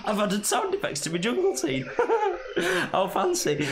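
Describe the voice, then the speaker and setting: A man's voice: very high-pitched, wildly swooping pitch, takes it slowly, long pauses, background noise. A man hosting a live-streamed children's song session, cheerful and encouraging in a sing-song, chatty way. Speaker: children's entertainer. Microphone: live stream mic. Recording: echoey room, loud guitar music. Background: guitar playing.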